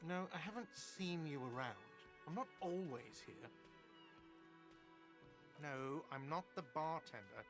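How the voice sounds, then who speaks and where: Snide late-20s cafeteria manager, slightly high voice, game audio with music. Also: male voice, expressive, measured pace, pauses often. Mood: sarcastic. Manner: sarcastic, dismissive. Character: sarcastic, touchy male cafeteria manager in his late twenties.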